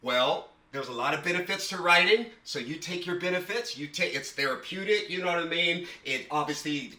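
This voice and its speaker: Emphatic male writing instructor, higher voice, casual class talk, echoey room mic. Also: sharp tone, distant mic. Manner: emphatic, repeats words for stress.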